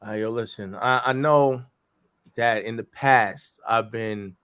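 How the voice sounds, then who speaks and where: Animated slangy man co-hosting a show. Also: lowish voice, takes it slowly, clear, resonant tone. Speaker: co-host. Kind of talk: casual commentary.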